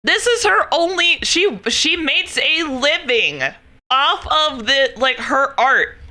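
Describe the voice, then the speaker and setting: A young adult woman streaming and chatting casually, excitable and laughing often, swearing freely as she talks. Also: sits high, slow pace. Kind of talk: casual chat while gaming.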